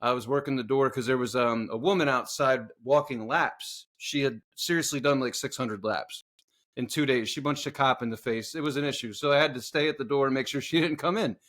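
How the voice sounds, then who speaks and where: A man co-hosting a podcast, telling a workplace story in casual, profane chat and acting out the people in it loudly. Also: medium pitch, a little fast. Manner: swearing storyteller, loud animated reenactments. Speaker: podcast co-host.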